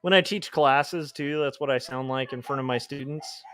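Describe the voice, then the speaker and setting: A man's voice: medium pitch, moderate pace, fairly bright tone, no echo. A man livestreaming while he draws comics, chatting casually and reading out chat messages, with rambling asides and chuckles.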